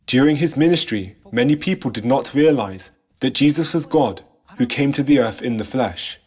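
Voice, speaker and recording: A man reading a scripted sermon narration in a measured, solemn way, posing rhetorical questions. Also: medium pitch, lively intonation, a little mellow, breathy edge. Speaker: church narrator.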